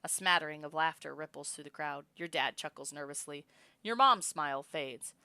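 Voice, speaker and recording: A woman's voice: low voice, normal speed, sharp tone, clear, resonant tone, no echo. A woman streamer reading game text aloud and chatting casually with her viewers. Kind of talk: game narration and casual live chat.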